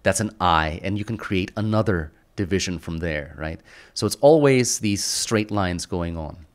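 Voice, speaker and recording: Deep-voiced man teaching art. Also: normal speed. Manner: enthusiastic, repeats phrases, punchy sound effects. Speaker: art instructor. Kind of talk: screen-recorded art lesson.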